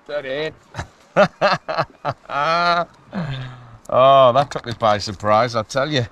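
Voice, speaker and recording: Excitable man on a kayak. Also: mid-range voice, very slow. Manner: excitable, laughing, chatty self-talk. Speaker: kayak angler filming his fishing trip. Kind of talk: casual vlog commentary. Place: outdoors on a kayak at sea. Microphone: action camera mic.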